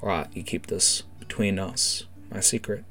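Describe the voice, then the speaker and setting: A man doing a hushed, slangy gang informant. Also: low-pitched, normal speed. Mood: secretive. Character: shady male undercover gang member, secretive.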